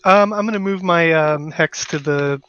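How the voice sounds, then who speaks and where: A man with a bright, slightly high voice plays in a tabletop game. He talks in a hesitant way, full of "um" fillers, and the recording of his voice is dry and close. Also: normal speed, no room sound, lo-fi sound. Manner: hesitant, frequent "um". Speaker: player. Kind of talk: tabletop game play, casual chat.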